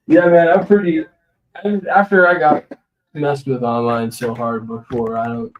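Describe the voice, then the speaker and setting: Here a West Coast livestream host keeps up a casual, rambling chat, laughing as he presents coins. He speaks at a measured pace in a mid-range voice, and the high frequencies are cut off.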